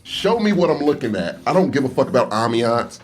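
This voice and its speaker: A man's voice: mid-range voice, big pitch swings, fairly quick. A man joking as a guest on a casual podcast, profane and laughing.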